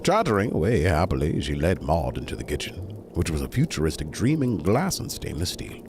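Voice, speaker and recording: A man's voice: rumbling low, huge pitch swings, a little fast, background noise. A man reading a bedtime story aloud to a stream, breaking off for chatty, digressing asides.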